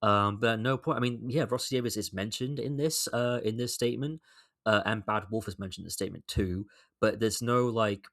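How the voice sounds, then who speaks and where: A young man hosts his solo podcast in a low-pitched voice. He rambles in casual commentary, circling back over his own sentences. His tone stays exasperated, and he swears freely. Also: a little fast, a bit bright. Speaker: podcast host.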